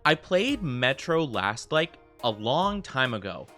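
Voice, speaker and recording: An American man chats through a game livestream, drifting from thought to thought with plenty of filler words. His voice is bright and forward at a middle pitch, and a faint bed of music plays quietly beneath him. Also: sing-song, takes it slowly. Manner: rambling, heavy use of fillers like "like". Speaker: streamer. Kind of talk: casual livestream chat.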